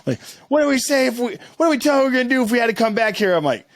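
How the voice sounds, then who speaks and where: A man's voice: very high voice, very fast, no echo. A young adult man, co-hosting a casual podcast, recounting stories and acting out other people's lines. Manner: animated, acts out quotes, profane. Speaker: podcast co-host. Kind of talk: casual chat.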